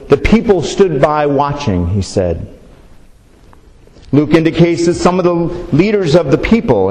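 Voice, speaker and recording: Male pastor, mid-range voice, warm and measured sermon delivery, church sanctuary with a long echo. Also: mid-range voice. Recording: long reverb of a large hall.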